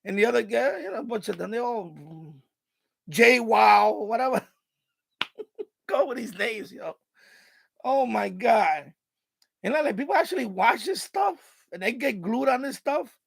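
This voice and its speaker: A man's voice: very high voice, expressive, unhurried, gravelly, pauses often, a bit bright, husky, no room sound. A man with a New York accent, hosting a live stream and rambling casually with lots of laughter and restarts.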